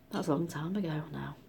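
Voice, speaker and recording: Woman, middle-aged, casual storytelling, low-pitched, animated, whispery asides. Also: gravelly, a little hiss or hum. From Britain. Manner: chatty, animated, often drops to a whisper. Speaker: vlogger.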